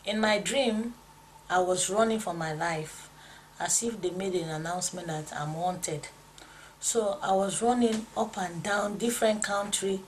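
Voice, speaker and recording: An earnest woman recounts a dream as testimony at a mid pitch, repeating lines as her feeling builds. A faint hiss of noise sits behind her voice. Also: unhurried, rough recording. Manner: earnest, storytelling, repeats lines with rising emotion. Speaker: pastor's wife sharing a dream testimony. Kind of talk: spoken testimony.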